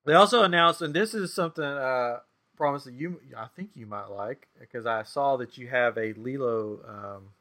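A man's voice: mid-range voice, moderate pace, pushed and bright. A man hosting a podcast, chatting casually about theme parks and laughing often. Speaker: podcast host. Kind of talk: casual chat.

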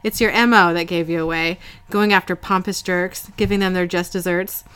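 A woman's voice: fairly low pitch, steady tone, moderate pace, a bit bright, clean tone, lightly acted. A woman voicing an intense young male hunter, reading his accusing lines earnestly while retelling a story.

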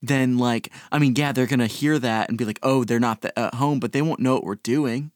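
A tabletop player joking and excitable while in character. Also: mid-range voice, fairly quick, no echo, clean studio sound.

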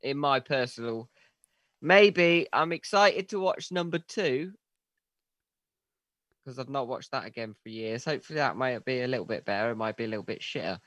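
An easygoing man co-hosting a film podcast, agreeable and quick with a joke. His voice is bright and forceful. The sound is dry and close. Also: mid-range voice, dry recording. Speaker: podcast co-host. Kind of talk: casual film review chat.

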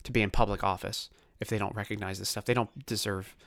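A man from Baltimore with a Baltimore accent, hosting a podcast with a passionate, ranting monologue that swings from loud to quiet. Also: lowish voice, fairly even intonation, quick pace, gravelly, no room sound, studio quality. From Baltimore, USA. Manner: passionate, ranting, swears, voice rising and falling. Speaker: podcast host.

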